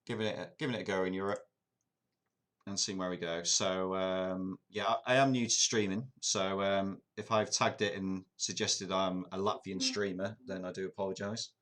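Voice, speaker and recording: Low-pitched and steady, with a fairly bright tone and moderate pace, this man from England streams a football management game. He chats to viewers casually and jokes at his own expense.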